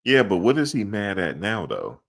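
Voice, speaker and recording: A man's voice: fairly low pitch, huge pitch swings, moderate pace, fairly bright tone. A man co-hosting a sports podcast in casual chat, slangy and laughing often.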